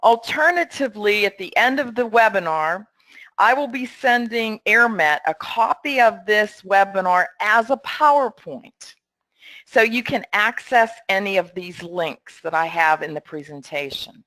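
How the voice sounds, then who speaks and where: A middle-aged woman presenting a training webinar in a friendly, upbeat and clear way. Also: medium pitch, lively intonation, unhurried, fairly bright tone, dry recording, poor audio.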